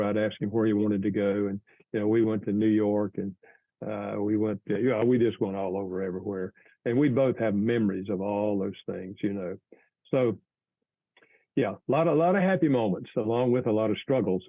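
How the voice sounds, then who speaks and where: An older man, a guest author, earnestly telling a family story in an interview, with halting restarts. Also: on the low side, dry recording, phone-quality sound.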